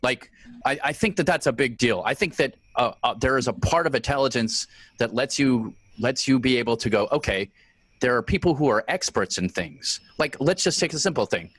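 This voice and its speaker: A man panelist in a casual chat, measured and reflective. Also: medium pitch, expressive, a bit bright, no room sound.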